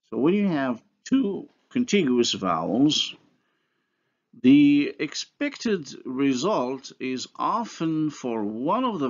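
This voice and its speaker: A man lecturing on phonology at a slow, deliberate pace, his low voice gravelly and creaky. He works through examples step by step, pausing often and restarting now and then. The recording sounds dull and lo-fi. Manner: slow, methodical explaining with pauses and restarts. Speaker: university linguistics lecturer.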